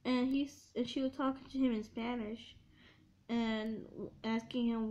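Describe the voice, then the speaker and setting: A young woman with a high voice speaks slowly through an emotional storytime confession. She falters and restarts, tearful and heartfelt, on a dull, lo-fi recording. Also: steady tone, darkish tone. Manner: halting and repetitive, with many restarts and fillers. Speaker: vlogger.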